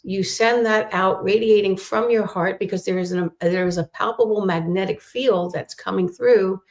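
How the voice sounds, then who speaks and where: A woman of middle pitch talks as a guest in a relaxed chat. Her delivery is soothing and gentle, drifting into spiritual ideas. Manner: slow, soothing spiritual talk. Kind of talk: casual chat.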